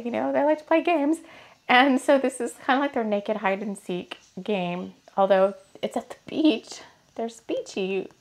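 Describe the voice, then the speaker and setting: A woman giving a rambling, casual spiritual card reading, her throat a bit hoarse and scratchy, laughing often. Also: mid-range voice. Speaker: tarot card reader.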